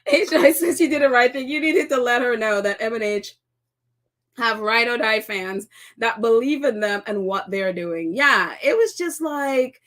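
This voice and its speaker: Woman with a high voice doing a casual live chat, rambly, lots of restarts and laughing, reads out viewer comments. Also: lively intonation, unhurried, a bit bright. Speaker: host of a live chat show.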